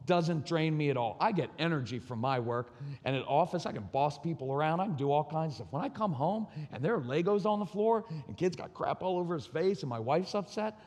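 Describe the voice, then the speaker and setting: A man's voice: fairly high pitch, expressive, fairly quick, hardly any pauses, darkish tone. A man in his forties giving a talk at a conference, telling personal stories and acting out both sides of conversations. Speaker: conference speaker. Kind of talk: personal storytelling talk to a live audience. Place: large hall. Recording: live recording in a reverberant hall.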